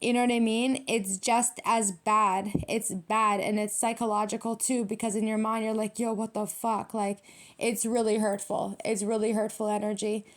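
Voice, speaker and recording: A woman's voice: mid-range voice, little pitch movement, moderate pace. A young adult woman giving a casual tarot reading, blunt and profane, full of street slang and emphatic repetition. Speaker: tarot reader.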